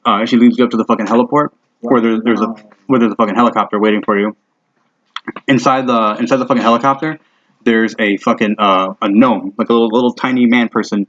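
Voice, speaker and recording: A man's voice: medium pitch, steady tone, quick pace, fairly bright tone. A man narrating a tabletop game as game master, casual and swearing heavily, in a dull lo-fi recording.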